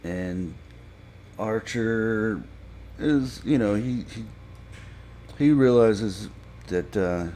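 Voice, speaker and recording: A man casually recapping a TV episode for a podcast, halting with frequent fillers and restarts. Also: on the low side, dark tone, slight background noise. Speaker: podcast reviewer.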